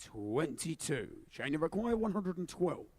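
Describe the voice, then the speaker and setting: A man's voice: fairly high pitch, very animated, unhurried, a little mellow, no echo. A man working as a darts referee, calling out each score and what the player still needs in a sing-song announcing voice.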